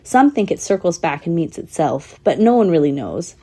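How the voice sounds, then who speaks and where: A woman's voice: lowish voice, big pitch swings, moderate pace, warm tone. A woman voicing a curious young squirrel full of wondering questions.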